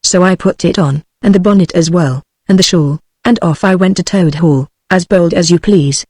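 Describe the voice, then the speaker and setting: A woman's voice: on the low side, moderate pace, husky, no echo, clean studio sound. A British text-to-speech woman's voice reading the lines of a cheerful, confident male mole in a storybook. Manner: flat synthetic delivery.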